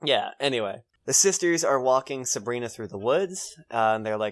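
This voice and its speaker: A man's voice: medium pitch, lively intonation, normal speed, few pauses. Laid-back man recapping a show. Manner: chatty, laughs often, loose profanity. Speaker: podcast co-host recapping a show. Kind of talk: casual chat.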